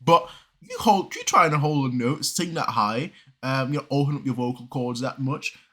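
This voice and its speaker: A man from southern Germany giving casual reaction commentary, talking fast and rambling with many restarts and pauses. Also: mid-range voice, lively intonation, fairly bright tone. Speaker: reaction video creator.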